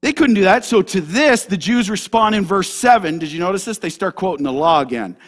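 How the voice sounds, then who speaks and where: A man pastor preaching a sermon to a congregation, animated and direct, moving between loud emphasis and hushed asides. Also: high voice, a little fast. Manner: animated, talks straight to the congregation.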